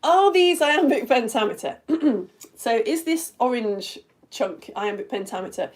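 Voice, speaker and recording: A middle-aged woman leads a live-streamed online quiz lesson for all ages, playful and prone to giggling as she talks right to her viewers. Her slightly high, slightly mellow voice has lively intonation, and her pace is a little slow.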